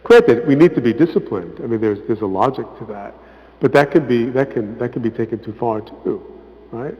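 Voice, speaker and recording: A man's voice: medium pitch, moderate pace. Visiting priest, man, casual teaching voice, brings quotes to life, echoey hall with muffled sound. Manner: conversational, often tags "right?"; acts out quotes with lively emphasis. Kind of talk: informal parish talk. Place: church hall.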